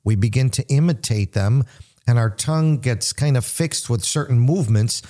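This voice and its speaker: A man's voice: mid-range voice, normal speed, mellow. A man hosting a casual radio talk, explaining in a teacherly way.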